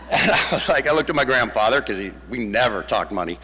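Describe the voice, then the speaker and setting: A man telling lively stories at a memorial, acting out the quoted voices. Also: mid-range voice, fast talker, a little hiss or hum. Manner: animated storyteller, acts out the quoted voices. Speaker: eulogy speaker. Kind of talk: storytelling memorial tribute. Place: church sanctuary. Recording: long church reverb.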